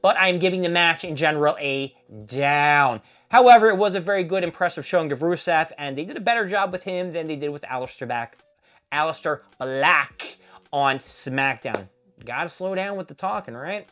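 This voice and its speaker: A man giving a casual, profanity-filled solo recap of a wrestling show, rambling and animated as he tells what happened. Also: fairly high pitch, moderate pace.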